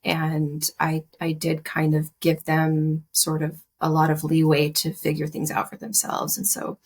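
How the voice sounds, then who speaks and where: Woman, podcast guest, low flat voice, husky, hesitant and reflective. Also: measured pace. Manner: soft, reflective, hesitant with many restarts. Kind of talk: personal conversation.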